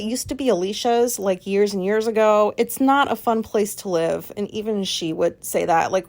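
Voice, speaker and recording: A woman hosting a podcast, telling personal stories in a rambling, candid way, swearing freely and laughing at herself. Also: mid-range voice. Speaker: podcast host. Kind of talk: casual personal storytelling.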